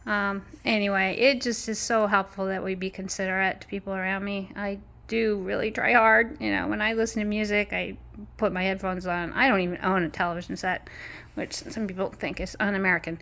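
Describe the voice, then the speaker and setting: A woman's voice: medium pitch, little pitch movement, fairly quick, gravelly, a bit bright. A woman vlogging in a casual, meandering way with frequent small laughs, speaking outdoors in an apartment courtyard. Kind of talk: casual rambling chat.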